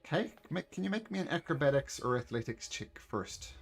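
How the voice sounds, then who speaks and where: A man narrating as game master of a tabletop game, talking in a relaxed, polite way. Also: on the high side, fairly quick, creaky, slightly rough, soft background music.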